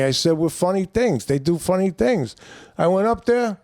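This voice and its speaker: A man's voice: sits high, expressive, moderate pace, darkish tone, no room sound, studio quality. An older man, a comedian telling long stories on a podcast in a loose, rambling, profane way. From New York. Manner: rambling, profane, acts out quoted voices. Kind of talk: casual storytelling chat.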